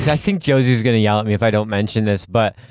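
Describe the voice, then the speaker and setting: A young man co-hosting a casual podcast, laughing often and breaking into falsetto singing. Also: quick pace, a little mellow, clear, resonant tone, no room sound. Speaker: podcast co-host. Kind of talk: casual chat.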